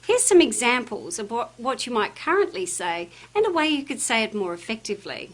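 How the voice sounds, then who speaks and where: Lively, expressive woman narrating training. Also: a little high, a little fast. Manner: lively, emphatic delivery when quoting phrases. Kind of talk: scripted instructional narration.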